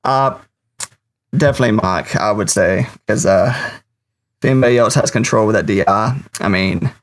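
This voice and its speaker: A man's voice: on the low side, normal speed. A man appearing as a guest on a casual podcast, chatty and self-deprecating. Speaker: podcast guest, pedal maker.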